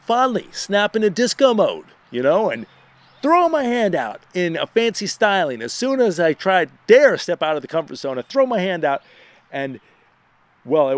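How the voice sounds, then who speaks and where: A man hosting a casual radio show, telling a funny personal story in a lively, self-deprecating way. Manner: animated, self-deprecating, rises in pitch when excited.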